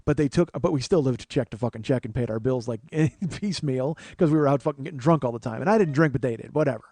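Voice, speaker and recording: A man in his forties tells a long comic story as a podcast host. His speech is rambling and profane, with sudden rants. His pitch sits mid-range and the recording is dry and close. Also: quick pace, mellow, no room sound. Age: 40s. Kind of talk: storytelling monologue.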